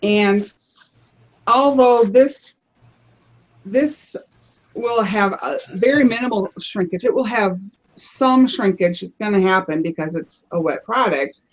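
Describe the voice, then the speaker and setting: A woman's voice: medium pitch, a little slow, highs cut off. A woman on a live panel show casually showing her crafts, chatty, often restarting her phrases as she explains.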